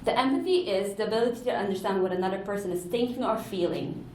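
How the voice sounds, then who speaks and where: A woman gives an earnest, explanatory talk in a large conference hall, sometimes correcting herself mid-sentence. Her mid-range voice is mellow and quick. The mic is distant, so she's heard from afar in an echoey room with slight background noise.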